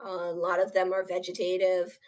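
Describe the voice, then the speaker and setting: Her voice is lowish and darkish, delivered in a monotone at a slightly quick pace. She is an interview guest opening up earnestly about something painful from her life, regularly acting out what others told her.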